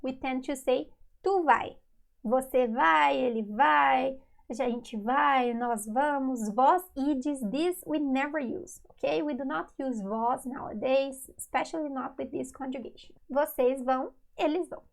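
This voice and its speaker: A woman's voice: sits high, measured pace, creaky, poor audio. A woman teaching a lesson, patiently repeating each example. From Brazil. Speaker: Portuguese teacher. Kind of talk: online language lesson.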